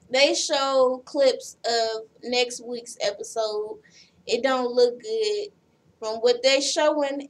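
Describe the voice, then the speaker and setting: A woman's voice: fairly high pitch, far from the mic. A woman vlogger casually recapping a reality show episode, blunt and profane as she tells the story.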